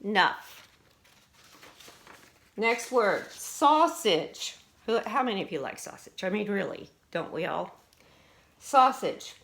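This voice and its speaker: A woman's voice: mid-range voice, lively intonation, creaky, a bit bright. A middle-aged woman teacher patiently walking students through spelling words, asking them questions as she goes. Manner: slow, patient, explains and asks questions.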